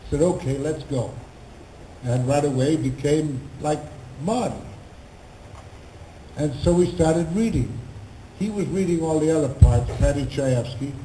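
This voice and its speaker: As a guest on a convention panel, an older man with a slightly high voice shares stories at a measured pace, pausing often and voicing the people he quotes with lively relish. A faint crowd hum lingers in the spacious hall.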